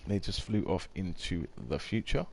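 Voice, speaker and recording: A man's voice: low voice, creaky, a little hiss or hum. A man, chatting casually on a live game stream, rambling and reading out viewer comments.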